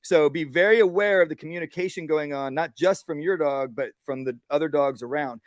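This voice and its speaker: Man, dog trainer, casual workshop talk, slightly high voice, dry sound. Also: fairly quick, no echo. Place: outdoors at a workshop.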